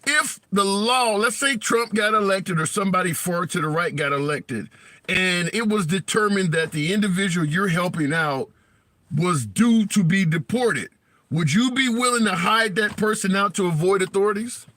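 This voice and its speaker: Male talk host, bright higher voice, dry close sound, probing. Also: moderate pace, no echo. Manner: probing, conversational. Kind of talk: call-in show conversation.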